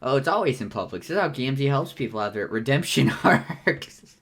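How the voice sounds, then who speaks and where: An awkward young man, read by a man, who rambles on and trips over his own sentences. He sounds insecure and self-conscious, with a voice of ordinary middle pitch. It is a fan read-aloud of a web comic. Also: sing-song, a little fast, fairly bright tone. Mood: eager.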